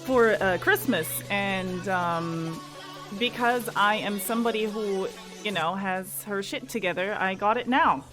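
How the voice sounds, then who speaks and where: A woman's voice: medium pitch, measured pace, over music. A woman from Portugal co-hosting a casual live podcast, chatty and easygoing, often laughing. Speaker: podcast co-host.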